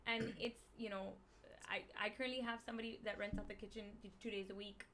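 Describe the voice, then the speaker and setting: A woman with a Miami Spanish-English accent, a guest explaining diet in a casual podcast chat, animated and emphatic with slang. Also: mid-range voice, fast talker, a crowd in the background. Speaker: guest, keto meal business owner.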